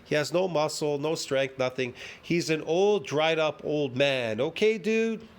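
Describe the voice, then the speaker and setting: A man's voice: on the high side, a little slow, smooth. A man ranting heatedly and profanely as he reacts to a fitness video, repeating himself and swearing often.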